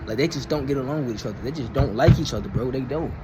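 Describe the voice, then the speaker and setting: A man's voice: medium pitch, quick pace, music in the background. A young man retelling a myth in a casual, rambling, slangy way. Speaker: storyteller. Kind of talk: casual storytelling.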